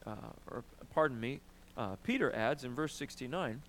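A man preaching a sermon, emphatic and animated, often asking "right?" and clearing his throat. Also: mid-range voice, normal speed, a little hiss or hum. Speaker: pastor.

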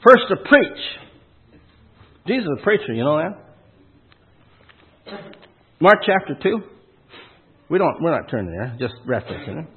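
A man's voice: a little high, big pitch swings, normal speed, long pauses, breathy edge. A man preaching a sermon in a folksy, punchy way, asking the listeners questions and hitting key words hard. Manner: folksy, punchy preaching with rhetorical questions and sudden loud emphasis. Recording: tinny phone-like sound.

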